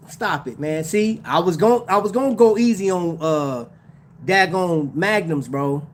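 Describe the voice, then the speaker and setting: A man's voice: high-pitched, measured pace. A man hosting a casual livestream about watches, talking in slang, laughing often and addressing his chat. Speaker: watch channel host.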